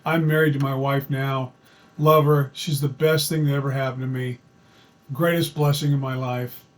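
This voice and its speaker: A man's voice: medium pitch, little pitch movement, moderate pace. A middle-aged man telling a personal story in an earnest, folksy way, repeating phrases for emphasis as he gives dating advice.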